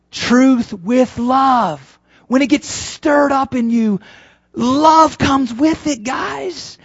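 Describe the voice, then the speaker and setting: Earnest preacher, muffled recording. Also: male voice, extremely high pitch, takes it slowly, breathy edge. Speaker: pastor. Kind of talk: sermon. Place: church service. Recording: slightly dull lo-fi sermon recording.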